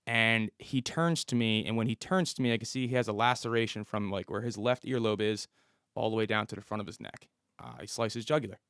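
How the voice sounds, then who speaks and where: Gravelly-voiced man telling a police story. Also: on the low side, a little fast, a bit bright, no room sound, clean studio sound. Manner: detailed, matter-of-fact retelling. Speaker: podcast guest, former police officer. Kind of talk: casual storytelling.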